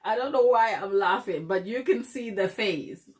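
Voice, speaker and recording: A woman's voice: medium pitch, lively intonation, normal speed, darkish tone. A middle-aged woman from Africa, hosting a baking channel, who chats casually with viewers, laughs often and calls them darling. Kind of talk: casual livestream chat with viewers.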